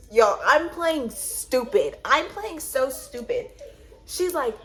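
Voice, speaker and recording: A woman with a high voice tells a story casually straight to the camera. She repeats her lines and acts out the dialogue as she goes. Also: slow, faint music behind. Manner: animated retelling with repetitions and quoted dialogue. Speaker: vlogger.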